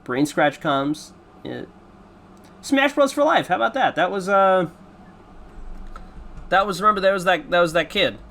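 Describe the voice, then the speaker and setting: Man, casual commentary host, swearing and self-mocking, lively swings in pitch, bright. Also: unhurried, vocal fry, pauses often. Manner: profane, self-mocking, rambling. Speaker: podcast host. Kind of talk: casual commentary on his old videos.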